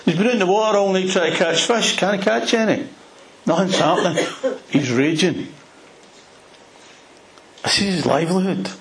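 A man with a Glasgow accent preaching a sermon, retelling a Bible story in an animated way with plenty of local slang. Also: high voice, normal speed, pauses often, roomy sound, a little hiss or hum, low-quality recording. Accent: Glaswegian Scottish. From Scotland. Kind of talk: expository sermon.

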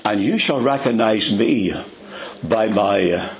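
A man's voice: lowish voice, animated, takes it slowly, slight background noise. A man with an Ulster accent preaching a sermon, addressing his listeners as dear friends and dropping into whispers for emphasis. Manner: dramatic, drops to whispers for emphasis.

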